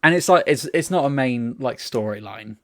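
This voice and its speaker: A man co-hosting a casual podcast chat tells rambling, sweary stories full of restarts. His medium-pitched voice is expressive and fairly bright, at normal speed.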